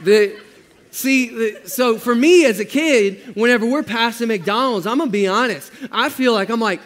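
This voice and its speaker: A man preaching as a pastor, telling a story in a relaxed, joking way with slang, often laughing as he talks. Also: very high voice, moderate pace, long reverb tail. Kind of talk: sermon.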